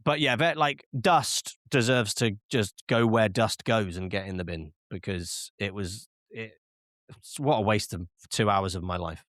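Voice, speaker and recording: A man's voice: on the low side, unhurried, a bit bright, no room sound. Blunt-spoken man in dry podcast chat. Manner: blunt, dismissive verdicts, laughs easily. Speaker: film podcast co-host back from a festival. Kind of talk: casual film chat.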